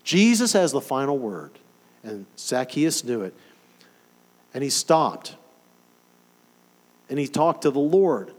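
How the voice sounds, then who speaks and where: Man, preacher, sermon, animated, emphatic, rhetorical questions, lively pitch, long reverb. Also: slow pace, pauses often.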